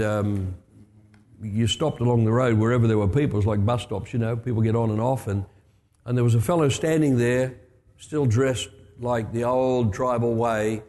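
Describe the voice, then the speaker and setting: A man's voice: medium pitch, a little mellow. Older preacher man in a reverberant hall. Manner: conversational, with asides and restarts. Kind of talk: storytelling sermon.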